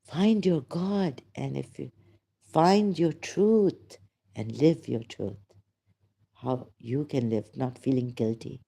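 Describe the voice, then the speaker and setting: A man hosting a rambling livestream monologue, emphatic and indignant, halting often with fillers. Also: mid-range voice, gravelly, dark tone. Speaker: channel host.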